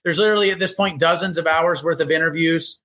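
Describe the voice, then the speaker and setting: A man's voice: a little high, steady tone, fast, pushed and bright. A man as a guest on a casual podcast interview, talking in an earnest way about spiritual ideas.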